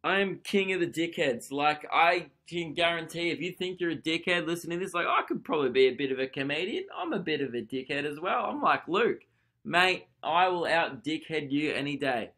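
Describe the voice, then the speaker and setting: A young man with an Australian accent rambles through a casual solo podcast and pokes fun at himself. His voice is bright and forward and sits a bit high for a man. He talks into a desk mic at home. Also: lively intonation. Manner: rambling, self-mocking, quick asides and laughs. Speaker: comedian and podcast host. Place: lounge room at home. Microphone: desk podcast microphone.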